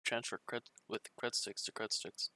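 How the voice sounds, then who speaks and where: A man's voice: lowish voice, flat delivery, moderate pace, sharp tone, dry recording. A man playing a tabletop game casually, describing what his character does. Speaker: player.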